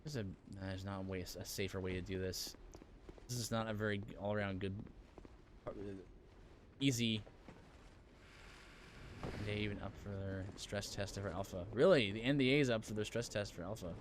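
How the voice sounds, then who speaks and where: A man's voice: on the low side, normal speed, pauses often, background noise. A man streaming a video game live, chatting casually and answering viewers' messages as he plays. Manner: chatty, reads and answers viewer chat, frequent fillers. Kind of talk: casual live-stream chat while playing.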